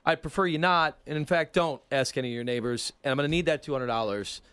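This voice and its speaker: A man voicing a smooth-talking male neighborhood extortionist, falsely friendly with a menacing edge. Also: a little high, fast, a bit bright, close to an everyday voice. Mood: insistent.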